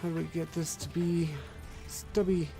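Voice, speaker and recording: A man's voice: fairly high pitch, level tone, moderate pace, gravelly, loud music behind the voice. A man streaming a building game, muttering to himself as he works and chatting to his cat and viewers. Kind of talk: casual game stream chat. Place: home room with a cat. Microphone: close desk microphone.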